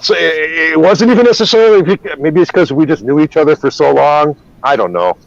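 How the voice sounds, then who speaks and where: Rambling man with a raised pitch. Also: lively intonation, brisk, creaky, dry recording. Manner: rambling, full of restarts and swearing. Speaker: podcast host. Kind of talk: casual conversation, personal storytelling. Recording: dull, lo-fi podcast audio.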